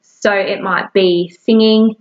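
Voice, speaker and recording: A woman's voice: medium pitch, steady tone, takes it slowly, dull audio. A woman giving casual, encouraging self-help advice to camera in a chatty way. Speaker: wellness coach.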